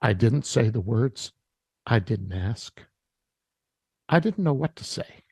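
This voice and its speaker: Slow, reflective man sharing a testimony. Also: mid-range voice, expressive, dark tone, slightly rough, no echo. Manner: slow, reflective, halting with restarts. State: emotional, near tears. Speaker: interview guest, worship artist. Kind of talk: personal testimony in an interview.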